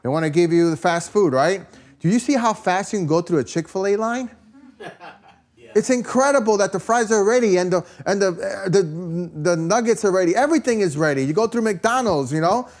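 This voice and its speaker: A man's voice: high-pitched, animated, a little fast. Man preaching a chatty, rambling sermon. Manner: rambling storytelling, peppered with "you know" and "right?"; rhetorical questions to the congregation. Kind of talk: conversational sermon.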